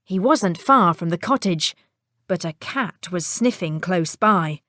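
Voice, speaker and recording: A woman reading a children's storybook aloud, expressive and playful with sound-effect words. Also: lowish voice, slow pace, no echo, clean studio sound.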